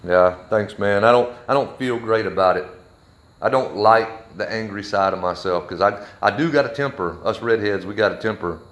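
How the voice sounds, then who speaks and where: A man's voice: fairly low pitch, moderate pace, a bit bright. Angry man ranting. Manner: heated, blunt, with a Southern drawl of words. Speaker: livestreamer. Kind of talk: angry live video rant. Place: his workshop.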